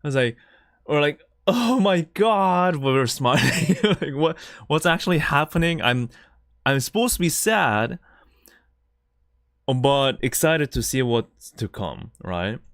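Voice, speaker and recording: Male streamer, casual live reaction, lively pitch, stammers and repeats words, dry close mic. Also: measured pace, gravelly, no echo.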